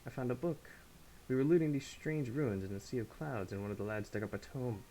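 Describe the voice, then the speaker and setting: A man's voice: mid-range voice, fairly quick, mellow, slight background noise, voice pushed up, lightly acted, low-quality recording. A man reading as a fierce sky pirate queen. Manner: reading game dialogue aloud, no accent attempted. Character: fierce vengeful female sky pirate captain.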